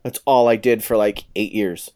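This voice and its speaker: This thirty-something man's voice sits on the low side at a normal pace. Chatting casually, he spins a rowdy tale full of profanity, performing the other characters' lines as he goes.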